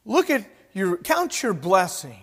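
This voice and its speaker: A man's voice: high voice, wildly swooping pitch, a little slow, slightly rough, exaggerated voice. A man voicing God as a stern, fatherly figure who asks firm, scolding questions. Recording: long church reverb.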